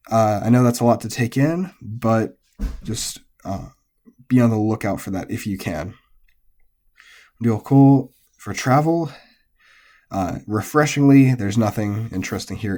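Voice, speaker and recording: Casting note: man, lower-pitched, mellow tone, a relaxed language teacher talking through vocabulary with frequent fillers. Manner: relaxed, explains step by step with many ums and uhs. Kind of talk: recorded pitch-accent lesson.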